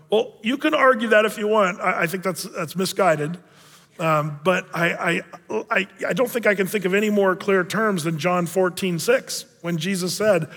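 A man's voice: sits high, moderate pace, a bit bright, in a large hall. A man preaching a sermon as a pastor, in a conversational way with joking asides.

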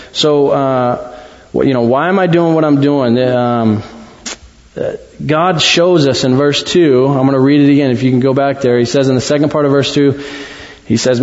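Male pastor, conversational sermon delivery with frequent restarts; long-reverb sanctuary, muffled recording. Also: mid-range voice. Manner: conversational, halting, many restarts. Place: church sanctuary. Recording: dull sound in a long-echo hall.

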